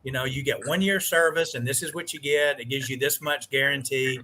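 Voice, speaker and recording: A man chatting as a guest on a live stream over a video call, telling animated stories, acting out quoted dialogue and swearing mildly. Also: mid-range voice, a little fast. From United States. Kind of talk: casual chat.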